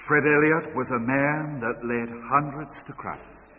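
A man preaching a sermon, moving between loud urgent calls and hushed storytelling. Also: medium pitch, steady tone, unhurried. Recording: dull sound with long hall reverb.

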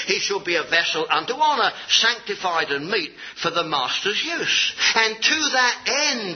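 A man preaching a sermon to a congregation, reading verses aloud, lifting his voice on key words and dropping low at the ends of phrases. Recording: dull, lo-fi recording.

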